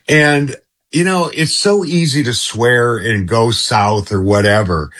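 Husky middle-aged guy gushing on talk radio, rambles and restarts a lot. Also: medium pitch, fairly bright tone. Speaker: radio guest, former radio host.

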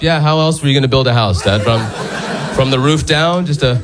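A man's voice: medium pitch, fairly quick, over music. A man performing stand-up, telling stories animatedly and slipping into voices. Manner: animated storytelling with put-on voices. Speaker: stand-up comedian. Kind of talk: stand-up set. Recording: live comedy recording, audience laughter. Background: audience laughter.

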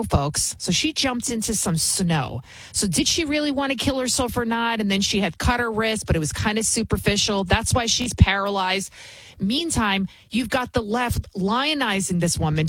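A woman's voice: a little high, breathy edge, no echo, low-quality recording. A woman hosting a talk show, giving indignant, emphatic commentary and repeating words for stress. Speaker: show host.

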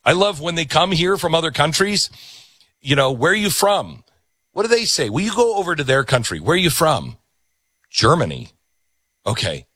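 A man hosts a talk show, his pitch swinging widely as he riffs through a monologue and slips into quick quoted voices. The sound is dry and close, with no room around it. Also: slightly rough, no echo. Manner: animated, conversational, acts out quoted voices. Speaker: radio and TV show host.

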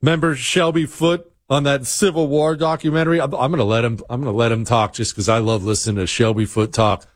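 A man's voice: medium pitch, little pitch movement, fairly quick, few pauses, dry recording, studio quality. A middle-aged man hosting a radio talk show, talking in an emphatic, opinionated monologue and repeating phrases for effect. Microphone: studio mic.

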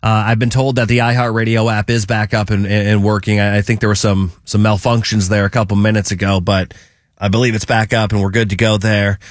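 A man's voice: fairly low pitch, fairly quick, dry recording, clean studio sound. A man with a Midwestern accent hosting a casual sports talk radio show, rambling a little with plenty of fillers. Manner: relaxed, rambling, frequent fillers. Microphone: studio mic.

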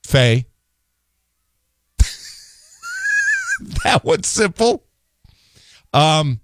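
A man hosting a call-in radio show, chatting and joking with callers in a relaxed, drawn-out way. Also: medium pitch, clear, resonant tone, no room sound, clean studio sound. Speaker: radio talk show host. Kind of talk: casual call-in talk.

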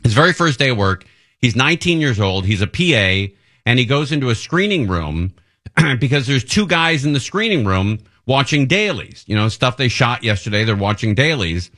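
A man's voice: mid-range voice, moderate pace. A man hosting a station show, chatting casually and telling rambling stories. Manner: relaxed rambling storyteller with restarts. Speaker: radio host. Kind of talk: casual chat.

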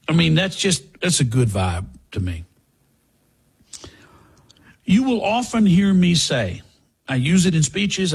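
Very husky gravelly older man. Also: medium pitch. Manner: rambling, with restarts and asides to a co-host. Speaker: talk show host. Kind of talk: casual commentary monologue.

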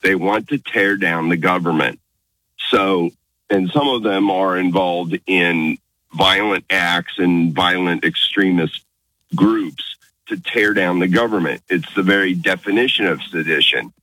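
A man's voice: deep voice, unhurried, pushed and bright, dry recording. A man calling in to a radio show, earnest and insistent as he presses his point. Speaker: caller. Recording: phone-line caller audio.

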